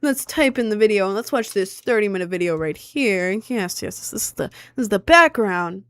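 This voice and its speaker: A woman's voice: medium pitch, animated, moderate pace, smooth, no room sound, studio quality, close to an everyday voice. A woman doing a rambling mock Australian guy. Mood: lecturing. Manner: rambling, over-explaining, repetitive. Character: man in a bad mock Australian accent, lecturing on anime.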